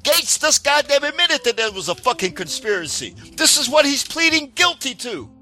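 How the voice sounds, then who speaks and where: A man's voice: extremely high pitch, sing-song, normal speed, pushed and bright, soft background music. A man delivering a heated, profane political rant, full of sarcasm and mocking asides. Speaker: political commentator.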